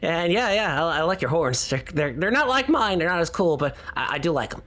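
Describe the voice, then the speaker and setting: A woman voicing a shy, excitable teenage tiefling boy who stammers and gushes in a tabletop role-play. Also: fairly low pitch, a little fast. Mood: flustered. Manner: stammering, eager, gushing.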